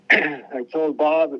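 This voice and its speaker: Guy rambling through old tour stories, lots of restarts, kinda dull lo-fi sound. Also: fairly high pitch. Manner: rambling, restarts a lot, acts out quoted voices. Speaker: musician guest. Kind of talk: casual storytelling interview.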